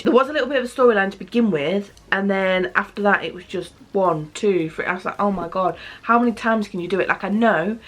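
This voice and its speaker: A woman's voice: on the low side, fairly bright tone. Blunt, sweary woman chatting to camera. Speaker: book vlogger. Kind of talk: casual book review chat.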